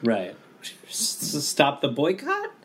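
Male guest comedian, excitable, jokey, high voice, swooping pitch. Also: slow pace, husky. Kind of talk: casual comedy podcast banter.

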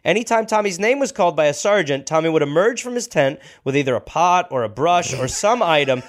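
Man telling a story with a lively voice. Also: a little high, brisk. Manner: reads history notes with jokey asides. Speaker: podcast host. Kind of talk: casual comedic storytelling.

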